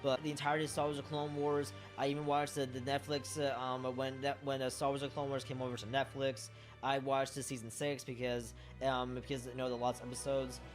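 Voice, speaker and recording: Man rambling in an excited fan vlog, fillers and swearing, soft music behind. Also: medium pitch, fairly quick. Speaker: fan sharing memories. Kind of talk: casual monologue vlog.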